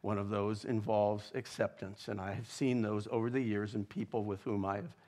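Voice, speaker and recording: A male pastor delivering a sermon in a measured, reflective way, reading quotations with feeling. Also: lowish voice, fairly even intonation, darkish tone. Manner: slow, measured preaching with dramatic readings of quotes.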